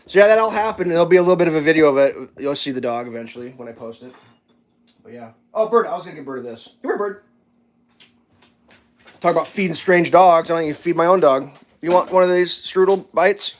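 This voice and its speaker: A man's voice: fairly high pitch, fast talker. A young man casually telling a story while cooking breakfast, acting out the voices of the people in it. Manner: animated, acts out quoted voices. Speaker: vlogger.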